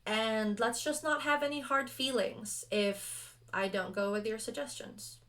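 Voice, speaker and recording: A young adult woman chatting casually and rambling through rules as she sets up a solo tabletop roleplaying game, animated and self-deprecating. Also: a little high, a little slow. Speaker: solo roleplayer and video host. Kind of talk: casual actual-play chat.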